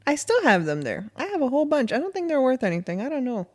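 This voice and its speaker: A woman co-hosting a podcast, chatting casually in an animated, rambling way with laughs. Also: sits high, fast. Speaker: podcast co-host. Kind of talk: casual chat.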